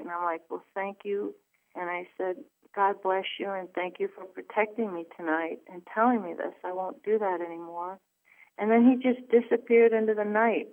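A woman's voice: medium pitch, moderate pace. A woman guest earnestly telling a personal story on a call, with many restarts and fillers. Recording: phone line.

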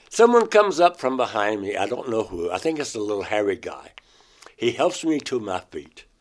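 A man being interviewed, earnestly telling a first-person story and acting out his own past words. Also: lowish voice. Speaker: interview guest. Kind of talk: first-person account of an abduction experience.

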